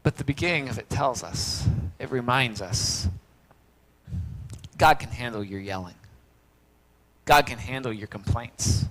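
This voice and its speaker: A man preaching a sermon as pastor, swinging from loud cries to hushed near-whispers. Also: mid-range voice, measured pace, pauses often, rough recording.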